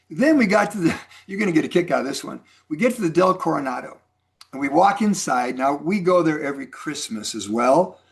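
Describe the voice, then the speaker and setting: A man in his sixties telling casual personal stories to a group as a mentor speaker, acting out the dialogue as he goes. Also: on the high side. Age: 60s. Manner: chatty, animated storyteller acting out dialogue.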